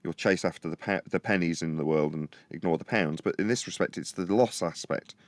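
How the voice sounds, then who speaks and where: A man co-hosting a live-stream discussion, talking in a rambling, animated way. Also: deep voice, a little fast, no echo, studio quality. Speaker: podcast co-host.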